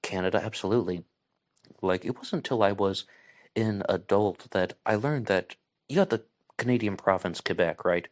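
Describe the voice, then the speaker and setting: Low-voiced West Virginian man rambling. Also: normal speed. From West Virginia, USA. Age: 30s. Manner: rambling, chatty, trivia-loving. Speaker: online radio show host. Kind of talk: casual solo podcast talk.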